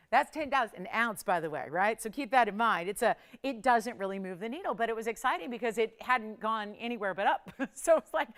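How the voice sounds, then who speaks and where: A middle-aged woman hosts a live jewelry sales show on a shopping channel, chatty and upbeat with bursts of laughter. Her voice is on the high side, fairly bright, clear and resonant.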